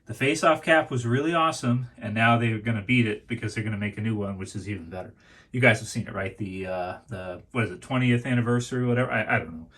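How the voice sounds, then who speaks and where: In a casual vlog tour of his toy collection, a man chats loosely, often repeating and restarting phrases and calling his viewers "dudes." His voice is on the low side, fast, and fairly bright.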